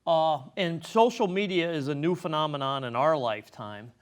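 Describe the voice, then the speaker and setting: A man's voice: fairly high pitch, normal speed. An older man hosting a talk show, asking long, hesitant questions full of fillers. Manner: rambling, hesitant, many fillers. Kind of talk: interview questions.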